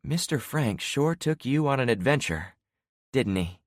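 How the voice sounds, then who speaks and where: A man voicing a calm, caring young mother in an audiobook, speaking in a gentle, reassuring way. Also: mid-range voice, a little slow, no echo, studio quality, pitched above the performer's own voice, natural voice. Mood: gently teasing.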